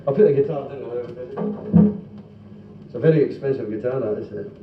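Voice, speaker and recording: A man's voice: medium pitch, quick pace, loud music behind the voice. A Scottish man doing chatty live stand-up, telling jokes to a club audience. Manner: chatty, acts out stammering characters in jokes. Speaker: stand-up comedian. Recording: roomy, distant, dull 1970s live tape. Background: audience laughter.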